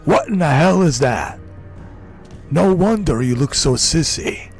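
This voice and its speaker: A man doing an impression of a gravelly macho ex-governor. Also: on the high side, animated, faint music behind. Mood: boastful taunting. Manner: slow, swaggering macho bragging. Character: boastful gruff older male ex-governor, macho braggart.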